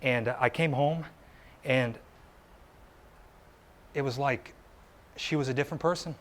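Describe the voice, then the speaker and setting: A motivational speaker in his thirties, with a mid-range voice and a slightly slow pace, tells a personal story to a live audience at an indoor meetup. He is earnest and conversational, asking the crowd rhetorical questions, with slight background noise.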